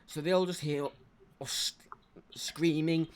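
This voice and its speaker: A man hosting a podcast, chatting casually while gaming, self-deprecating and quick to laugh. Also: a little high, fairly even intonation, slight background noise. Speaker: podcast host.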